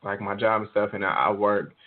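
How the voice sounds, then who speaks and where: A man's voice: fairly low pitch, fairly quick. Man ranting casually on a phone line. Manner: profane, animated ranting with many fillers. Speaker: podcast co-host. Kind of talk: casual podcast chat. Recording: tinny phone-line sound.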